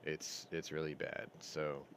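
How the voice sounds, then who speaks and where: A man's voice: a bass voice, level tone, slow, a bit bright, slight background noise. A man hosting a casual stream, rambling through stories and laughing at his own jokes. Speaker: host. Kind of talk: casual live-stream chat.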